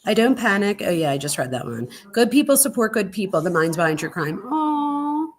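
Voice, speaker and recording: Chatty excitable woman hosting a livestream. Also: medium pitch, brisk. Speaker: true crime livestream host. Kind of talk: casual live-stream chat. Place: at home during a storm.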